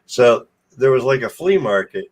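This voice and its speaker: A man's voice: medium pitch, expressive, moderate pace. A man co-hosting a casual chat show, laughing often and joking crudely. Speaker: co-host.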